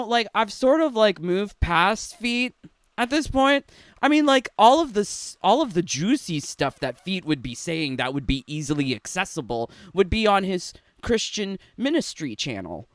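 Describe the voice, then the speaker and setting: A man's voice: high voice, a bit bright, clean tone, no room sound. A man ranting in a sarcastic, rambling, giggly way from his home in a casual gaming vlog. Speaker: gaming YouTuber. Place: home room.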